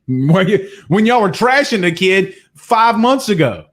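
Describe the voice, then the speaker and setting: A man hosts a live sports talk show, reading out viewer comments and answering them. His voice sits a little high, and he drives each point home with emphatic repetition. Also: measured pace. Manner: animated, emphatic, repeats phrases, addresses viewers directly.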